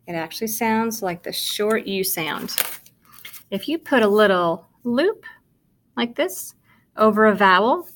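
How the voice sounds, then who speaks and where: A woman's mid-range, fairly bright voice carries a slight hiss or hum as she teaches kindergarten sight words. It's a slow, patient phonics lesson: she sounds out and spells each word, speaking encouragingly to the child watching and praising them.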